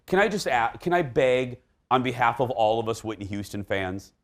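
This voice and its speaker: A man hosting an entertainment talk show, chatting casually with an animated, joking and emphatic manner. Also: mid-range voice, moderate pace.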